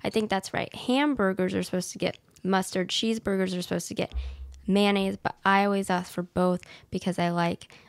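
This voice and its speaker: A woman's voice: mid-range voice, steady tone, brisk, creaky, dry recording. A woman co-hosting a casual movie review chat, explaining and correcting in a matter-of-fact way. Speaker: podcast co-host.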